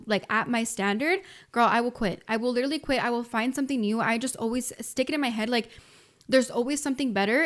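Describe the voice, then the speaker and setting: A woman in her twenties hosts a solo podcast, giving motivational advice in a casual, emphatic way. She leans on filler words and keeps addressing her listeners directly. Her voice sits a little high. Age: 20s. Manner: casual and emphatic, frequent "like" and "you guys". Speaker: podcast host.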